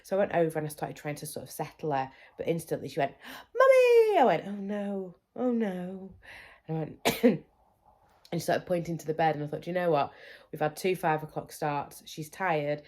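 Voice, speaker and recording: Low-voiced chatty mum. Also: female voice, steady tone, brisk, darkish tone. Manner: chatty, candid, acts out her kids' voices. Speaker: parenting vlogger. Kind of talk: casual chat to camera.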